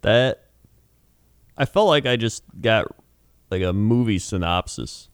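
Very low-voiced man, dry and close. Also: slow, clean tone, no room sound. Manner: relaxed, reacts with short remarks. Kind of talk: casual chat.

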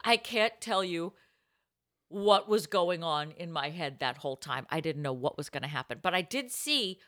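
A young adult woman, a comedian and podcast host, telling a story in a breathless, laughing, animated way. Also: fairly low pitch, moderate pace, no echo, clean studio sound. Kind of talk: casual storytelling chat.

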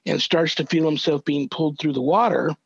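An older man, a reverend, earnestly recounting a family story as a podcast guest, measured and thoughtful with small restarts. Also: fairly high pitch, creaky, slightly rough, no room sound. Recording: dull, dry lo-fi audio.

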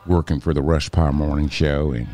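A man voicing a flamboyant male sideline reporter who gushes and swoons, with his voice swooping high when excited. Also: a little fast. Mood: gushing. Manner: gushing, breathy swoops into high squeals. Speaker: comedy bit performer.

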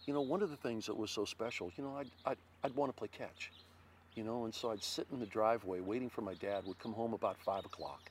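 Here the ex-ballplayer from Ohio, an older interview guest, talks fast in a fairly low voice over a faint hiss or hum. He recounts tales casually, animatedly acting out quotes in a loud voice.

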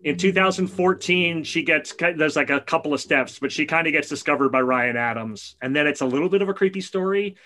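A man's voice: a little high, a little fast, few pauses, pushed and bright. A man co-hosting a podcast, chatting casually and telling enthusiastic stories. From New Jersey area. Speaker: podcast co-host. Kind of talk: casual chat.

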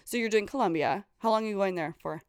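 Upbeat young woman host, smooth clear voice, dry close sound. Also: medium pitch, quick pace, no echo. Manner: upbeat, enthusiastic, laughs easily. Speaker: podcast host. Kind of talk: casual chat.

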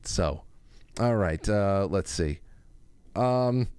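A man's voice: lowish voice, animated, drawn-out words, a little mellow, smooth, no room sound. A middle-aged man hosting a casual call-in talk show, chatty and reading listener stories aloud. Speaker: radio talk show host.

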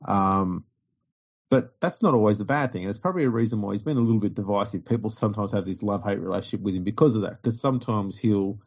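Gruff podcast co-host, sweary and blunt, husky low voice, lo-fi audio. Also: male voice, a little mellow. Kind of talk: casual podcast chat.

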